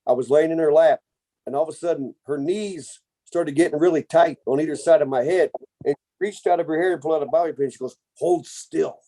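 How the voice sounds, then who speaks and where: A man co-hosts a homemade podcast, telling family stories in a loose, rambling way full of restarts and jokes. His voice sits a little high, with a dark, mellow tone. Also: fast talker. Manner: rambling, self-interrupting, jokey. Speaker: podcast co-host. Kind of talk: casual family storytelling chat.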